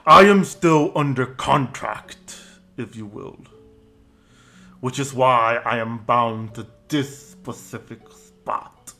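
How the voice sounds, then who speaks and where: A man voicing a bound male demon who speaks slowly and formally, calm and resigned. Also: medium pitch, vocal fry, faint music behind, heavily acted. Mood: measured. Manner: slow, measured formal speech.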